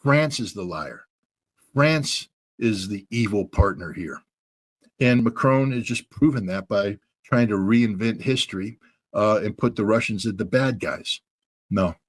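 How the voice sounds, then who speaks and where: A man being interviewed as a guest commentator, telling events in an animated way and often slipping into impressions. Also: lowish voice, measured pace, slightly rough, no room sound. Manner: animated storytelling with frequent voice impressions. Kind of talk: casual interview talk.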